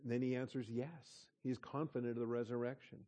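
A man's voice: medium pitch, fairly even intonation, fairly quick, dark tone. A man preaching a conversational sermon, reading scripture aloud and explaining it. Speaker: pastor.

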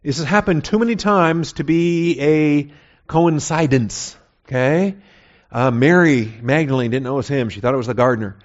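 A man's voice: a little high, moderate pace. A man pastor teaching through a Bible passage in a conversational sermon style, asking rhetorical questions and checking in with "okay?". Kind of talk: expository sermon. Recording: slightly muffled, dull recording.

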